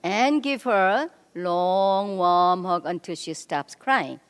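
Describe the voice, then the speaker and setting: A middle-aged woman giving a church marriage seminar, animated as she coaches the men in the audience directly. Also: lowish voice, slow, smooth. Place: church hall. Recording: long reverb of a church hall.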